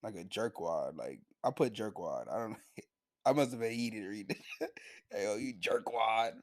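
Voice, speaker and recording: Animated, slangy young man reviewing anime. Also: lowish voice, normal speed, no room sound, clean studio sound. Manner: animated, slangy, profane retelling; laughs often. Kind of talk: casual review vlog.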